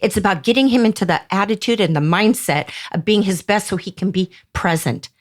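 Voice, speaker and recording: A woman's voice: mid-range voice, fairly quick. An older woman hosting a podcast, giving marriage advice in casual chat and telling stories with quoted voices. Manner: animated storytelling, acts out quoted voices. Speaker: podcast host, marriage counselor.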